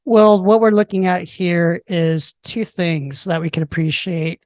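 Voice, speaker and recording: Joking podcast co-host, dry close sound. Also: male voice, high voice, fairly even intonation, a little slow, darkish tone, no room sound. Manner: joking, playfully mock-serious. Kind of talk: casual podcast banter.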